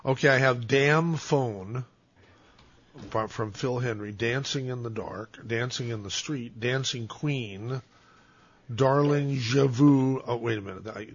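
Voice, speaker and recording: A man's voice: mid-range voice, takes it slowly, slightly rough. Fumbling, jokey male radio host. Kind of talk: call-in radio chat. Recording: slightly dull, lo-fi sound.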